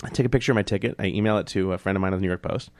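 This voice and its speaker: A man being interviewed, telling stories casually and animatedly, jumping up in pitch to act out other people. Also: racing, no echo. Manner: animated, acts out quoted voices in a higher pitch. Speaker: guest. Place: New York City.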